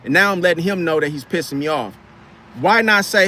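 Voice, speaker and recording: A man with a high voice rambles through a casual story in a loose, slangy way, tripping over and repeating his words. Faint traffic hums in the background, as if he is talking outdoors near a street. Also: a little fast, bright, forceful tone. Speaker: vlogger telling a story from his car repair job.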